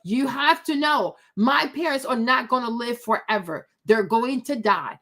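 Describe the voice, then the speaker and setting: A middle-aged woman hosting her own show, telling a personal story to viewers in a chatty, animated way full of asides. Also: on the high side, unhurried. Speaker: host.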